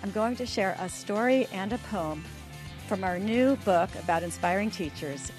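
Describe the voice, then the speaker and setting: A woman's voice: mid-range voice, expressive, moderate pace, over music. A woman hosting a podcast, introducing a guest's story and closing the show with upbeat promotional delivery. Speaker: podcast host. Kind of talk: podcast interview.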